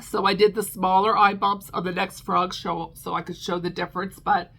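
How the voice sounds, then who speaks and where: A woman's voice: lowish voice, flat delivery, normal speed, gravelly, a bit bright. A middle-aged woman vlogger chatting casually about her crochet, with frequent ums and restarts. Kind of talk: casual chat.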